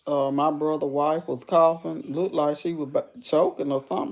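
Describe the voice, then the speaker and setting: A woman hosting a live stream, telling a story casually and repetitively with folksy endearments, dropping low and quiet and then jumping high and loud as she retells it. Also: steady tone, normal speed. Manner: repetitive, rambling, folksy endearments like baby and honey; swings from low and subdued to loud high bursts when retelling.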